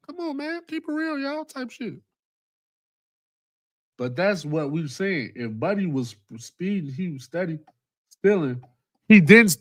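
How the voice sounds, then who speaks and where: A man's voice: a little high, a bit bright, no echo. A man hosting a casual livestream, rambling in profane street slang with many restarts. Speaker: livestream host.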